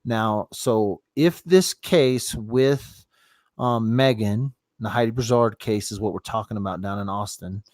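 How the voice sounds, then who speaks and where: A man's voice: on the low side, unhurried, darkish tone, no room sound, clean studio sound. A middle-aged man hosting a casual live stream from his phone, rambling loosely and swearing freely as he talks with callers. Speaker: livestream host taking callers.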